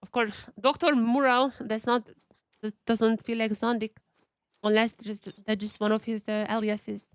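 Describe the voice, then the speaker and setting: A woman's voice: medium pitch, completely flat delivery, a little slow, smooth, dry recording. A young woman streaming a game, chatting casually and thinking aloud as she reads the game's text. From Eastern Europe. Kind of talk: casual gameplay commentary.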